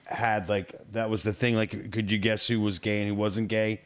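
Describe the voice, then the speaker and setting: A man co-hosting a podcast in casual banter, halting and full of fillers, often giggling. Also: on the low side, level tone, clean tone. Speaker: podcast co-host.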